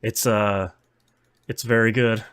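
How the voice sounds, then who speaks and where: A man's voice: on the low side, little pitch movement, slow, a bit bright, smooth, no echo. Give me an enthusiastic American man chatting on a podcast, dry and close. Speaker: podcast co-host. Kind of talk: casual chat.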